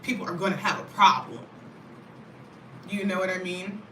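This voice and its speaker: Bright-voiced American woman vlogging. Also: fairly low pitch, normal speed, slight background noise. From United States. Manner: animated, talkative, frequent "you know what I mean". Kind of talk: casual chat to camera. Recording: roomy, mic at a distance.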